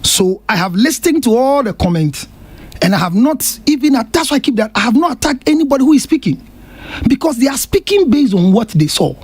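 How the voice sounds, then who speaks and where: A man's voice: very high-pitched, very animated, fairly quick, a little mellow, slightly rough, no room sound. A Ghanaian man on a radio panel, insistently defending his remarks and switching between English and Twi. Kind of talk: heated radio panel talk. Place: radio studio.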